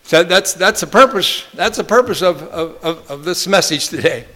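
A man delivers a sermon in a high voice, quoting scripture in old-fashioned phrasing. He slows right down on key phrases and leads his listeners in call-and-response. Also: expressive, pushed and bright. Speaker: preacher.

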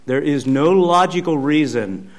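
A pastor giving a conversational sermon with emphatic repetition, speaking in a church. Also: male voice, a little high, measured pace. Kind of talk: sermon teaching.

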